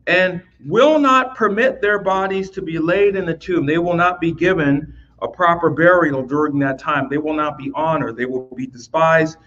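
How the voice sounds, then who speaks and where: Man, Bible teacher, conversational, repeats himself, says "right?" a lot, slightly high voice, dull lo-fi recording. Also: moderate pace, hardly any pauses, fairly bright tone.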